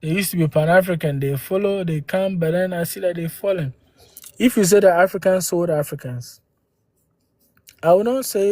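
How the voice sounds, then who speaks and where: A man's voice: sits high, moderate pace, darkish tone, no room sound. A man from Ghana, hosting a live stream and arguing with viewers through rhetorical questions and exclamations into a phone. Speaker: livestream host.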